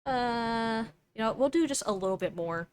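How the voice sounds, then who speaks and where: A woman's voice: a little high, lively intonation, normal speed, darkish tone, clean tone. A young woman streamer chatting casually while she draws, thinking aloud and doubting herself as she goes. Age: young adult.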